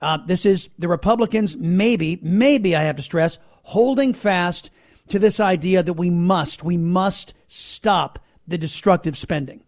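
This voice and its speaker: Combative high-pitched male talk host. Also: a little slow, darkish tone. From United States. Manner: combative, sarcastic, emphatic. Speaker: podcast host. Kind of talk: opinionated political talk.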